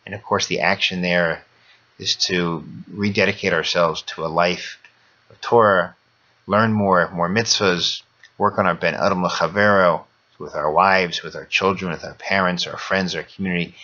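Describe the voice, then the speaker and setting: Deep-voiced man giving a holiday sermon. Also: fairly even intonation, moderate pace, sharp tone, dull audio. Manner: storytelling, repeats phrases for emphasis. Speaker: religious speaker.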